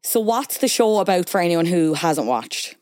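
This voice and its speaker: A woman's voice: lowish voice, sing-song, normal speed, darkish tone, no room sound, clean studio sound. A woman hosting a podcast in casual chat, prompting her guest eagerly. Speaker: podcast host.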